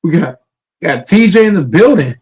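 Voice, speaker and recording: A man's voice: sits high, lively intonation, normal speed, a little mellow, rough recording. Emphatic, profane man hosting a sports panel. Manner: emphatic, profane, repeats words when restarting. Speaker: host of an online sports talk panel. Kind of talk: casual sports debate.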